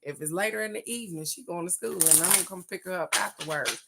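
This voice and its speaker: A woman's voice: on the low side, quick pace, vocal fry, very noisy. An older woman, chatting casually and folksily as a host, laughing often and stretching words for emphasis. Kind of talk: casual card-reading chat.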